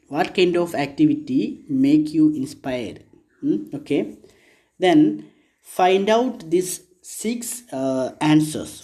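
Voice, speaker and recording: Man teacher, Indian English accent, slow and patient, mellow voice. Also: on the high side. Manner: slow, repetitive, checks understanding with "okay? is it clear?". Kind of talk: classroom lesson explanation.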